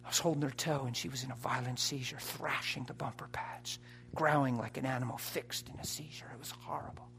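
A man preaching an impassioned sermon, dropping to a hush and rising to shouts. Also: medium pitch, fairly even intonation, fairly quick, vocal fry, in a whisper. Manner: impassioned, swings from hushed to shouting.

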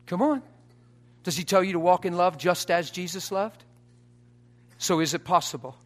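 A man preaching a sermon to a live audience in a church, emphatic, swinging from soft asides to loud exhortation and often laughing and urging the crowd on. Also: high voice, normal speed. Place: church or conference hall before a live audience.

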